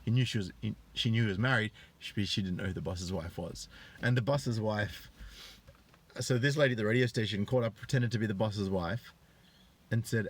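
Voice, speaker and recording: A man in his thirties with an Australian accent, hosting a live stream. He retells stories with rising excitement, greets viewers in chat, and swears freely. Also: fairly quick. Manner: animated storyteller, swears freely, voice rises high when excited. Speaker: online show host.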